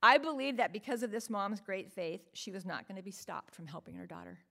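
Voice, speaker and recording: A woman's voice: medium pitch, fairly even intonation, a little fast, gravelly, sharp tone. A woman preaching a sermon in an earnest, emphatic way, often asking the listeners rhetorical questions.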